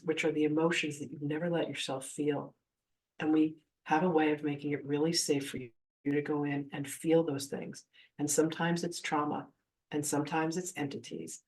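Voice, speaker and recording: Woman in her fifties, spiritual teacher, lively storytelling, acts out quotes, distant mic. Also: deep voice. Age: 50s. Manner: animated, acts out quoted voices. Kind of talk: live masterclass storytelling.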